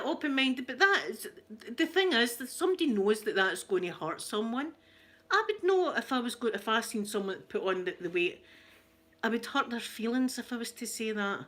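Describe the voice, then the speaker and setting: A slightly high, animated voice at normal speed belongs to a middle-aged woman from Scotland who runs an ASMR channel. She shares family stories casually, laughing often and acting out quoted voices, with a fairly bright tone.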